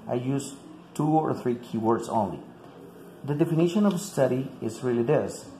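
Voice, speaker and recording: A male English teacher walks fellow teachers through a classroom activity one step at a time, with a mellow, dark voice. He fills his talk with "like" and repeats words as he goes. The room is echoey with faint ambient noise behind him. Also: medium pitch. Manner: explains step by step with frequent "like" and repeats.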